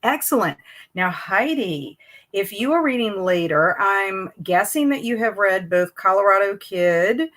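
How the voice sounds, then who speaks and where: A chatty woman hosts a reading live stream from home. She greets each viewer warmly by name and reads their chat messages out loud, rambling easily from one topic to the next. Her voice sits at a mid pitch for a woman.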